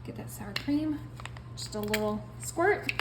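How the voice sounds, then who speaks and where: A woman hosting a casual home cooking video, bubbly and quick to laugh, talking to her viewers as you guys. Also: mid-range voice, animated, echoey room, noisy background. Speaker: cooking vlogger. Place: home kitchen.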